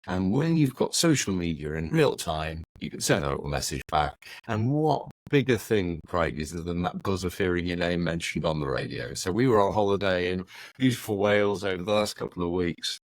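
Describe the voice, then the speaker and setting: Male broadcaster, 50s; low, fluent anecdotal delivery, dry sound. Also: lively intonation, fairly quick, no echo. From West Yorkshire, England. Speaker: radio presenter and guest. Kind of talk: conversational interview answers.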